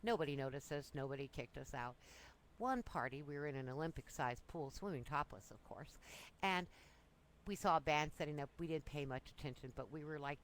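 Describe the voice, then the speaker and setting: A woman's voice: sits low, a bit bright, slight background noise, rough recording. Chatty woman telling wild stories. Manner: chatty, breezy, self-amused anecdotes. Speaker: storyteller. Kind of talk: casual personal storytelling.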